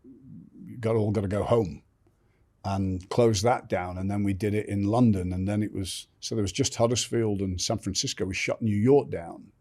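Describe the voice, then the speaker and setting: A man's voice: on the low side, steady tone, moderate pace, hardly any pauses, a little mellow. An older man telling his life story candidly as a podcast guest, blunt and swearing freely, often restarting sentences.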